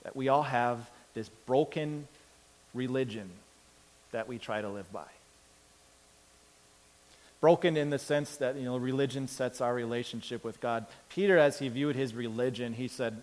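Male pastor, sermon, animated storyteller, echoey church hall. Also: medium pitch, moderate pace. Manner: animated storytelling, acts out characters with big swings in loudness.

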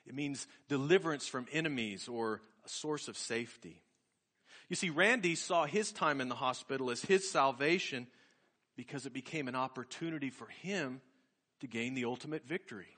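A man preaching a sermon, telling a personal story in an earnest, reflective way that slows and softens at key points. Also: mid-range voice.

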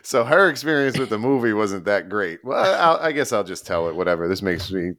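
A man co-hosting a podcast, telling a long story in a rambling, animated, casual way with frequent laughs. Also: fairly low pitch, brisk, no echo. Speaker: podcast co-host.

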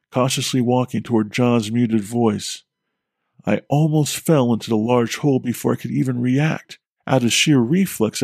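A man telling a scripted horror story as a podcast host, steady and measured. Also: mid-range voice, husky, no echo, studio quality.

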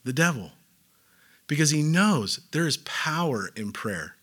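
A man's voice: a little high, unhurried, breathy edge. A young pastor preaching in a casual, joking way, acting out little voices to make his points. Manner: animated, joking, acts out voices. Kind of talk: sermon.

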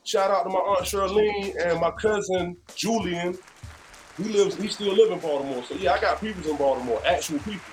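A man from North Carolina speaks as a guest in a relaxed interview, his voice sitting high for a man. He talks in an animated, conversational way. Soft music plays underneath. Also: fairly quick. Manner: animated, conversational, leans on "you know what I'm saying". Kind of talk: casual interview chat.

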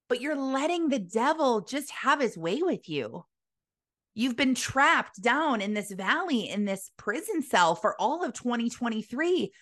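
A woman with a fairly high voice delivers a motivational Christian sermon. She speaks earnestly and urgently, exhorting her listeners directly. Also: fairly bright tone.

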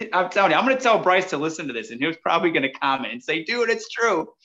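A man, a podcast guest, telling a story in a casual, animated way and often addressing the listeners directly. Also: a little high, very fast, highs cut off.

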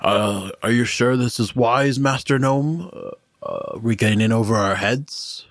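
A nervous male companion asks his questions hesitantly and slowly, as a man voices him. The sound is dry and close. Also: medium pitch, fairly bright tone, no echo. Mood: worried. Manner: hesitant, worried.

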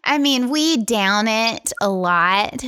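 A woman hosting a casual chat, a responsive listener who makes slow, measured remarks. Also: on the high side, animated, bright, forceful tone.

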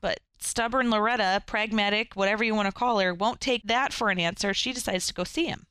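Bright clear woman chatting about a movie, dry close sound, lively retelling. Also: mid-range voice, fairly quick, dry recording. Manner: animated storytelling retelling plot. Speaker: podcast co-host. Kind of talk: casual film discussion.

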